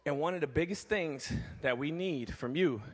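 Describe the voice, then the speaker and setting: On a church stage, a man with a fairly high voice speaks at a moderate pace during a strength ministry demonstration. He talks with energy, rallying the crowd and the kids.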